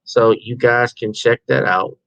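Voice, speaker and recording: A man's voice: medium pitch, fairly even intonation, unhurried, vocal fry, fairly bright tone, no echo, muffled recording. Tired man hosting a live stream. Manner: rambling, loose and informal, trailing off into restarts. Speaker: livestream host. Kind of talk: casual live-stream chat.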